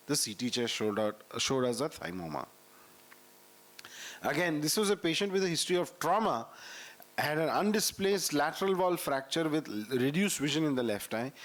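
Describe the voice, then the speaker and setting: A man with an Indian English accent presenting medical cases at a conference and introducing the next speaker. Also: fairly high pitch. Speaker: session moderator and presenter.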